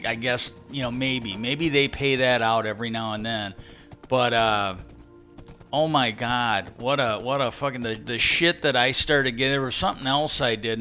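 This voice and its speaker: A man's voice: medium pitch, bright, forceful tone, clear, resonant tone. A man from Wisconsin, ranting and rambling with profanity on a casual live stream.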